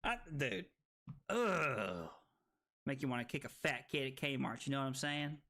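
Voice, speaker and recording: A man streaming a card game, tipsy from drinking, who breaks into loud excited outbursts and giggly laughter. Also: medium pitch, a little slow. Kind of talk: live stream gameplay commentary.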